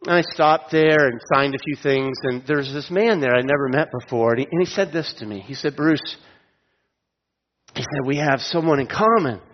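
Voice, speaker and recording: A man's voice: a little high, moderate pace, slight background noise. A middle-aged man preaching a sermon, telling stories and asking the listeners direct questions. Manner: storytelling, asks listeners direct questions, chuckles at own jokes. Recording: dull sound with long hall reverb.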